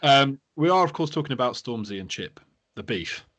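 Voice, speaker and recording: A man's voice: medium pitch, lively intonation, moderate pace, a bit bright. A man hosting a casual podcast, teasing his co-hosts and riffing on the story. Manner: jokey, teasing, cuts in to riff. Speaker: podcast host.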